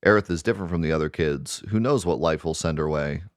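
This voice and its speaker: Man voicing a gentle young game mother, soft and earnest, dry sound. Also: very deep voice, fast talker, smooth, dry recording. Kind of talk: reading game dialogue aloud.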